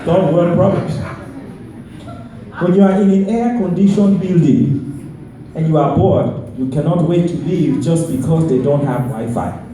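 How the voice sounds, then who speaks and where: At a comedy club, a male comic adopts a heavy Nigerian accent for a deadpan storyteller character, repeating refrains and delivering punchlines slowly and deliberately. The voice runs on the high side with a dark tone and only light acting. Crowd noise surrounds an echoey, distant stage-mic recording.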